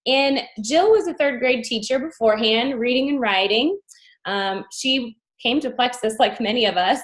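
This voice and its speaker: A woman's voice: on the high side, poor audio. Upbeat woman hosting a team call. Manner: upbeat and gushing. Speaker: host.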